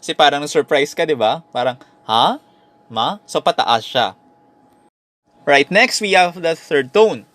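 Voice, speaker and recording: A man's voice: fairly high pitch, animated, normal speed, a bit bright, dry recording. A man with a Filipino accent teaching a recorded language lesson, switching between Tagalog and English and repeating syllables to demonstrate tones.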